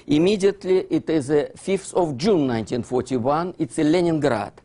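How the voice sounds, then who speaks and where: Halting man. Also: a little high. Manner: halting non-native English with frequent fillers and "you see, so"; animated, with bursts of amused laughter. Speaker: lecturer. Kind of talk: illustrated history lecture.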